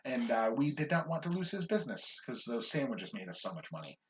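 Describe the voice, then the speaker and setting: A man co-hosting a podcast, telling a workplace story in an animated, casual way with plenty of swearing. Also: medium pitch, brisk. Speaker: podcast co-host.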